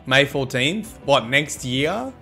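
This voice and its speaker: A man streams a game and banters with his chat in a cheeky, joking way. He talks at a slow, unhurried pace in a mid-range voice. Faint game music plays behind him. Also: mid-range voice, lively intonation, gravelly, sharp tone. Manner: cheeky, joking, thanks viewers, teases chat. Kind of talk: casual live-stream chat with viewers.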